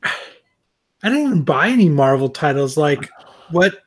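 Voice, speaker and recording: A man's voice: on the high side, big pitch swings, unhurried, husky. A man co-hosting a casual podcast chat, playful and teasing. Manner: playful and teasing, laughs often.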